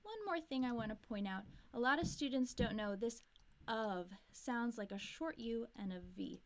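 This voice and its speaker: A woman with an American accent teaching English pronunciation, modeling sounds slowly and repeating lines for learners. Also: a little high, animated. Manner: slow, deliberate modeling of sounds with repetition. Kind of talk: pronunciation lesson.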